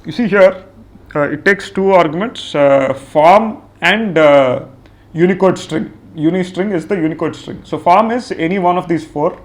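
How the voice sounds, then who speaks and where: Male coding instructor, higher-pitched voice, casual step-by-step explainer, lots of thinking-aloud fillers. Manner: thinks aloud with many "uh" fillers and pauses while typing; explains step by step in a plain conversational way. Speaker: programming instructor. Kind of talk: screen-recorded coding tutorial.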